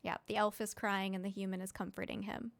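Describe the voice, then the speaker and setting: A woman's voice: mid-range voice, level tone, brisk, vocal fry. A woman narrating a tabletop game as dungeon master, casual and laughing often.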